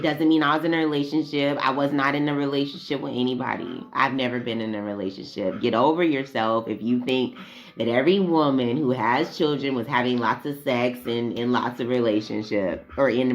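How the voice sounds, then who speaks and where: A woman's voice: a bass voice, brisk, lo-fi sound. A woman vlogging in a blunt, profane, casual monologue that wanders off on tangents.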